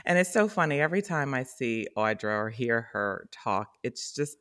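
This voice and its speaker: Woman, middle-aged, co-host, bright tone, very lively pitch, teasing, laughs often. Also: moderate pace. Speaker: podcast co-host. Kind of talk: casual chat.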